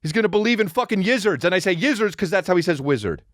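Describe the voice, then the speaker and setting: A man's voice: high-pitched, fast talker, no room sound. Give me a profane, rambling man hosting a comedy podcast in a dry room. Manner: profane, rambling, animated storytelling. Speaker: podcast host. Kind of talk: solo comedy podcast rant.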